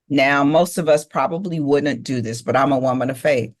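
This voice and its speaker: A woman's voice: rumbling low, moderate pace, few pauses. A middle-aged woman giving a motivational speech, telling her life story emphatically and speaking straight to the audience. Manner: emphatic, repeats key phrases, addresses audience directly.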